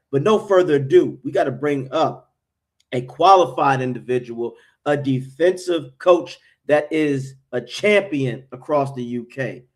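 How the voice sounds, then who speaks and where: A man's voice: medium pitch, darkish tone. An American man hosting a fan sports talk show, brash, hyped and profane. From United States. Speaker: show host.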